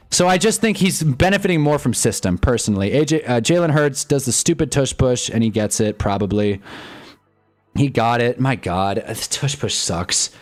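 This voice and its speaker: Reacting to a football match on his live stream, this young host gives laid-back commentary that lurches between quiet grumbling and loud bursts of frustration.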